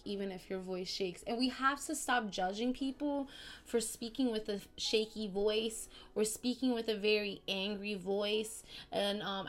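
A woman hosting a spiritual podcast, talking in a casual, slangy, animated way that swings between excited outbursts and softer, quieter stretches. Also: mid-range voice. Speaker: podcast host.

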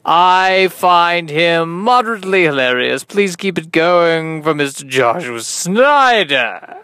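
A man voicing a pompous, fawning public-radio-style interviewer with a drawn-out, affected, gushing delivery. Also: on the high side, very animated, pushed and bright, clear, resonant tone, no room sound, exaggerated voice, low-quality recording.

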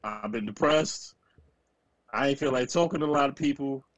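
A man co-hosting a casual sports podcast, ranting and self-mocking in animated bursts. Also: mid-range voice, moderate pace, no echo. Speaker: podcast co-host.

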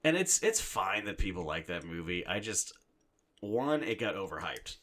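A young man on a podcast, swearing his way through a heated rant about a film. His voice sits fairly low. He talks in loose, casual chat with plenty of restarts. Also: very animated, normal speed, a bit bright. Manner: profane, ranting. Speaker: podcast co-host.

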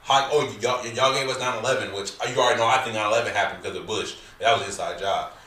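A man on the low side with a steady yet bright, forceful tone races through a casual podcast chat he hosts. His talk is loose, joking and slangy, and the recording sounds roomy and distant with faint hiss.

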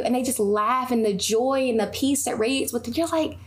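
A young woman hosting a casual faith podcast, telling animated stories and wandering off on tangents. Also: a little high, brisk. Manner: animated storytelling, goes on tangents. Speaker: podcast host.

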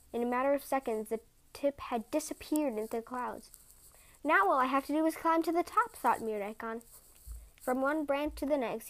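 Brief: female storyteller, calm and expressive, slightly high voice, reading a folktale. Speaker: podcast storyteller.

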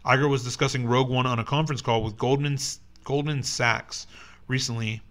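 A man's voice: medium pitch, steady tone, a little fast, a bit bright. Young male podcast co-host, casual, rambling, filler-heavy. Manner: rambling with many fillers and restarts. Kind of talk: casual chat, reading news aloud.

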